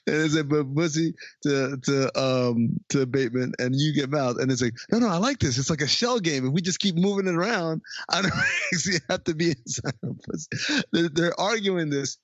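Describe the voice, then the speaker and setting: A man's voice: fairly high pitch, normal speed, fairly bright tone, dry recording, muffled recording. A man co-hosting a podcast, chatting casually about a movie, jokey and chuckling through his retellings. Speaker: podcast co-host. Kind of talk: casual movie recap chat.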